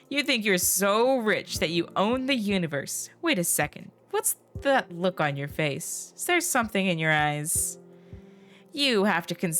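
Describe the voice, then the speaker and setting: A woman voicing a paranoid, hostile young man in a game who shouts accusations loudly. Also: on the low side. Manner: shouting accusations, loud and jumpy.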